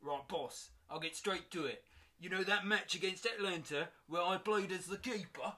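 A man's voice: high-pitched, normal speed, sharp tone, pitched above the performer's own voice. A man voicing a brash male footballer with a put-on Cockney accent. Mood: chirpy.

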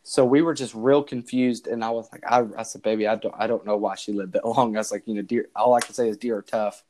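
A young podcast host with a fairly low, steady, darkish voice talks fast through a meandering story, with a little hiss or hum in the background. The casual chat is full of restarts and quoted back-and-forth.

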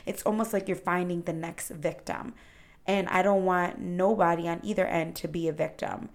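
A woman's voice: lowish voice, a little mellow. A woman hosting her own podcast, giving an earnest and encouraging motivational talk straight to her listeners. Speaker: podcast host. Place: at home indoors.

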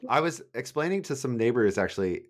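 A man's voice: medium pitch, lively intonation, brisk. A man co-hosting a casual chat, rambling with self-deprecating humor and acted-out quotes. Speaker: podcast co-host.

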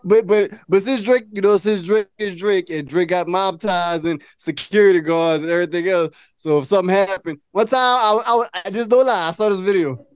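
Male podcast host, animated, profane storyteller, dry close sound. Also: sits high, normal speed, hardly any pauses, clean tone, dry recording. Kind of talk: casual chat.

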